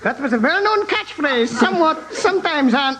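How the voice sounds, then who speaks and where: A man on a comedy panel game, making unhurried, chuckling asides. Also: very high voice, animated, heavy background noise.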